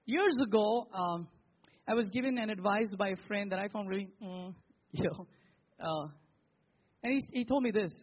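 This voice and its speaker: A man preaching a sermon as pastor, posing rhetorical questions with emphatic pauses. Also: sits high, highs cut off.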